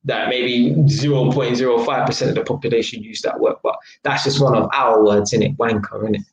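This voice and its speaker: A man's voice: mid-range voice, fairly even intonation, brisk. A man hosting a live stream, telling a story in casual street slang full of tag questions. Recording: roomy echo.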